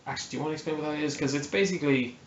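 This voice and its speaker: A young man casually retelling a tabletop game story, relaxed and laughing, correcting himself as he goes. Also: fairly high pitch, racing, a little hiss or hum. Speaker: player telling a game story. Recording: echoey room, dull lo-fi audio.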